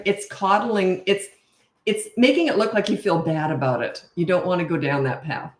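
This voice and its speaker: A middle-aged woman coaching parents in a casual Q&A, blunt and matter-of-fact, now and then acting out short quotes in a higher voice. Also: normal speed. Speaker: parenting coach answering viewer questions. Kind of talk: casual live Q&A. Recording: roomy echo.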